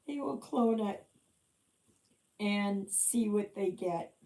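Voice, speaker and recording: Mellow and medium-pitched, this woman's voice comes through a livestream mic in an echoey room. She hosts the stream, stitching as she chats casually and frequently mumbles half to herself.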